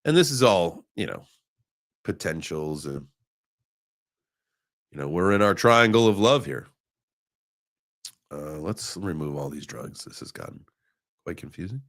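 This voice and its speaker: A low-pitched, slightly bright male voice with lively intonation, a measured pace and long pauses. He hosts a live crypto trading show, chatting casually, cracking sarcastic jokes and calling chat viewers by name as he rambles through charts with plenty of fillers.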